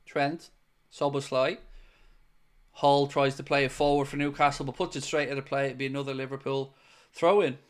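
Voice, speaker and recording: A man's voice: mid-range voice, little pitch movement, moderate pace. A man hosting a live football watchalong, mixing play-by-play with joking chat to his viewers. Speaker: host.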